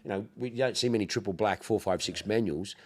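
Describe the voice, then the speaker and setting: A man's voice: lowish voice, fairly quick. Broad-talking Australian man, slangy storyteller. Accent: Australian, Melbourne. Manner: broad slangy storyteller, swears freely, acts out quotes. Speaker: podcast host, car dealer. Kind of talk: casual chat.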